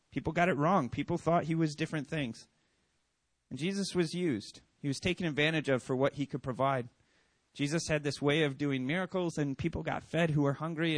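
Man, 30s, pastor, conversational sermon, animated, slightly raised pitch, dry recording. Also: dry recording. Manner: conversational, animated, acts out quoted thoughts. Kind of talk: casual sermon.

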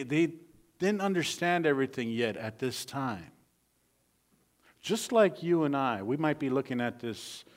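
Preaching a sermon, this male pastor has a slightly high voice and shifts from loud outbursts to hushed near-whispers, repeating key phrases to drive them home.

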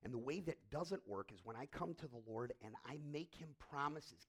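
A middle-aged male pastor preaching and praying, swinging from hushed whispers to loud emphatic bursts. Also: mid-range voice, animated, moderate pace, hardly any pauses, husky. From Irish heritage. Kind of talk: sermon and prayer.

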